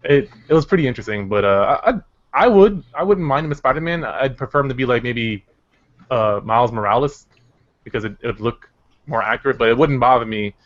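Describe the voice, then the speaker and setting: A man's voice: medium pitch, lively intonation, fairly quick, dull audio. A man co-hosting a casual podcast chat, rambling and hesitant with many fillers. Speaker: podcast co-host.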